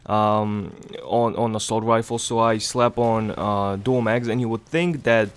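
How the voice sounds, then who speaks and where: A young man with a stuffy nose from a cold, giving rambling, casual gameplay commentary in a hushed low voice so he won't wake anyone at home. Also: fairly even intonation, measured pace, clean tone. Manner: hushed low voice to avoid waking others; rambling, many fillers, swears casually. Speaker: gaming channel host. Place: home, early morning.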